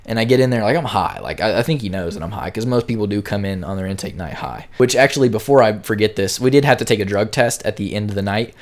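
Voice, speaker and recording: Young guy rattling off a story real quick, kinda low voice, swears a lot, super casual. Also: expressive. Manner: rambling, profane, slangy. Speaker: storyteller vlogger.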